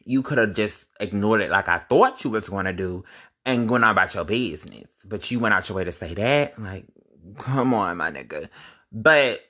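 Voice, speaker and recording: A young man telling a casual, animated storytime to his viewers, profane and full of sudden high-pitched outbursts. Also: normal speed. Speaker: vlogger.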